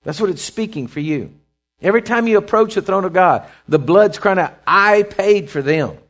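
Man, pastor, preaching a sermon, high voice, repetitive building phrases, muffled recording. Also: lively intonation, fairly quick. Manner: preaching with rising and falling intensity, repeating phrases.

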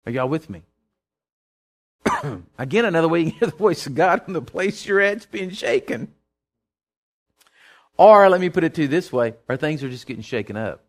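Animated preacher man. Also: on the high side, fairly quick. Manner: animated, acts out scenes with sudden loud outbursts. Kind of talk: sermon.

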